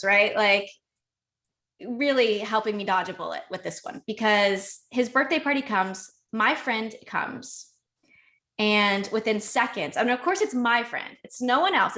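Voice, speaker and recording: A young adult woman, a podcast guest, telling a personal story in casual conversation, animated and emotional with frequent restarts. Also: on the high side, normal speed.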